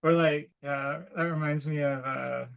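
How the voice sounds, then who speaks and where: Man, gravelly voice, slightly high pitch, rambling casual chat, filler-heavy, podcast co-host. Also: fairly even intonation, unhurried, lo-fi sound. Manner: laughs while telling stories.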